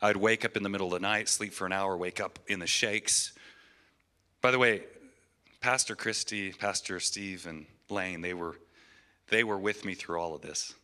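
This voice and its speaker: A man's voice: low-pitched, moderate pace, bright, forceful tone. A man in his thirties giving an earnest, emotional testimony in a church sermon, often restarting his phrases. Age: 30s.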